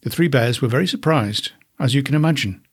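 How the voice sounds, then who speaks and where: A man, a podcast host, narrating a children's storybook in an expressive, unhurried way. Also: mid-range voice, breathy edge.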